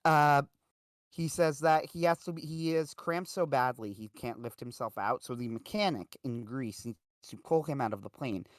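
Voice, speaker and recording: A male livestream host tells a story in a casual, rambling way, packed with "uh" and "like." His voice is medium-pitched at a moderate pace, and the recording is clean studio audio with no room sound.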